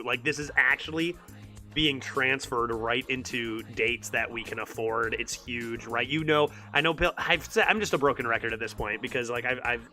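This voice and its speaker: A man's voice: mid-range voice, sharp tone. A young man streaming a card game, talking casually and rambling, repeating words as he goes. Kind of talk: casual live game commentary.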